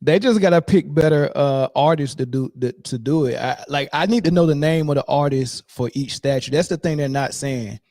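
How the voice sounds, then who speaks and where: A man hosting a casual sports podcast, talking in an easygoing, rambling way. His voice is mellow and warm. The sound is dry and close. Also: a little high, normal speed, few pauses, no echo. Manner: laid-back, rambling with fillers and shout-outs. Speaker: podcast host.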